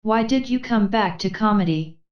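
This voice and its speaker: A synthetic woman's voice reading an interview article aloud, questions and answers alike, in a steady, mechanical way. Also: medium pitch, moderate pace. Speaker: text-to-speech reader. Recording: roomy, slightly dull sound.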